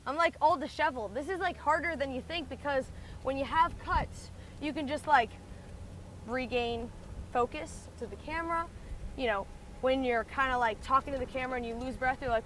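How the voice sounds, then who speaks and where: A woman's voice: high voice, normal speed, fairly bright tone, a little hiss or hum. A woman talking casually through her golf shots outdoors, chatty and thinking aloud, out of breath. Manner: chatty, thinks aloud with many likes and restarts. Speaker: golf vlogger. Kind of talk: casual talk-through while playing golf. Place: outdoors on a windy golf course.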